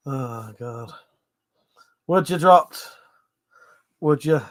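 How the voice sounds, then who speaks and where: A man's voice: fairly high pitch, fairly bright tone. A man hosting a live stream, chatting casually with viewers and laughing often between jokes and swearing.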